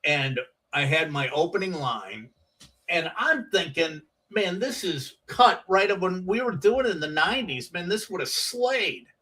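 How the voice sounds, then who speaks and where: A comedian telling animated stories from his years on the comedy circuit, acting out the voices of people in them. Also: high-pitched, a little slow, far from the mic, rough recording. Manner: animated storyteller, acts out quoted voices. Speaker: comedian guest. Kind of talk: casual storytelling.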